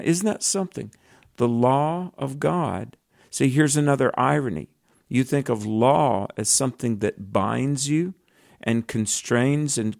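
A man's voice: medium pitch, gravelly, a little mellow, no echo, studio quality. A man co-hosting a conversational Bible teaching, earnest and reflective, quoting scripture as he talks. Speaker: co-host.

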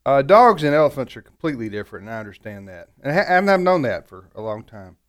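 A man's voice: mid-range voice, sing-song, fast. A man hosting a radio trivia show, talking in a joking, rambling, self-deprecating way in a studio. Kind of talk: casual radio trivia banter.

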